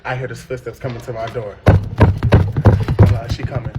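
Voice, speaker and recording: A man telling a personal story in casual chat, animated and profane, with sudden high shrieking impressions. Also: measured pace, long pauses, heavy background noise. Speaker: podcast host.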